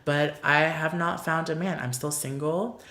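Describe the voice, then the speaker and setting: Seated before a paper backdrop, a male beauty vlogger from Orlando, Florida, casually takes fan questions, sounding effusive and emotional with plenty of "like" fillers. His voice is fairly high, pushed and bright, unhurried, with rather even intonation. Echo from the room colors the recording.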